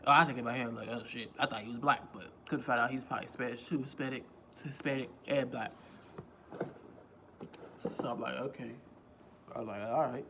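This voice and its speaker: A man's voice: medium pitch, steady tone, brisk, bright, forceful tone, slight background noise. A man vlogging a casual storytime on a phone, rambling, repeating himself and swearing freely. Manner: rambling, profane, self-repeating.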